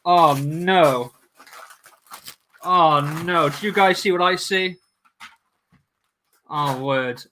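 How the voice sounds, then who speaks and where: A man's voice: a little high, extremely slow, long pauses, sharp tone, a little hiss or hum. A man hosting a casual livestream, chatting and joking with viewers as he builds. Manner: jokey, chatty, talks to viewers. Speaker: livestream host.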